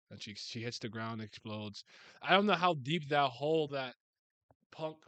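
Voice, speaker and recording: A man reacting to manga in a loose, casual way, full of slang and frequent laughter. His voice sits at an ordinary middle pitch. The sound is dry and close, with no room echo. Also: smooth. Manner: animated, slangy, laughs often, thinks aloud. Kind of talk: casual live reaction while reading manga.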